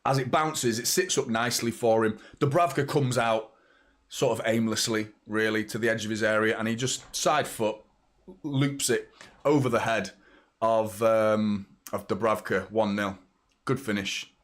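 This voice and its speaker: A young man excitedly chatting through a live football watchalong, reacting to the match and greeting viewers by name. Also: lowish voice, unhurried.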